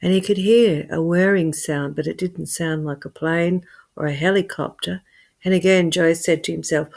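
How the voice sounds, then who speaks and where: A woman telling a scary story in an expressive way, swinging from hushed to loud. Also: on the low side, normal speed, creaky. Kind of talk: dramatic spoken storytelling.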